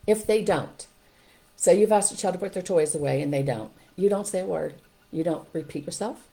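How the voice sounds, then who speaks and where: An older woman, a grandmother, giving firm parenting advice in an animated way and acting out what parents and children say. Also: fairly low pitch, moderate pace, creaky. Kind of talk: instructional talk to camera.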